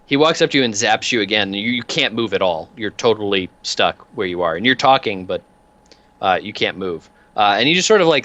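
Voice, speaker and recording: Game master man, low bright voice, rambling narration, lo-fi sound. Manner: loose, rambling narration full of "uh".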